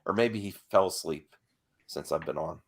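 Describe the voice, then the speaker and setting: A man's voice: deep voice, moderate pace, husky. A man guesting on a casual stream, joking and teasing the others playfully.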